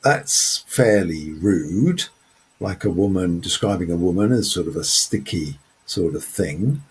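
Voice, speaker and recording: Slow, husky-voiced man explaining a text. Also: deep voice, animated. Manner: hesitant, many fillers, unhurried explaining. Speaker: literature presenter. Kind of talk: unscripted close-reading commentary.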